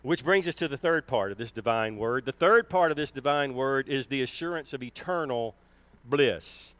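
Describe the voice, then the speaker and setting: A man preaching a sermon, emphatic, swelling and slowing down on key words. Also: mid-range voice, a bit bright, no echo.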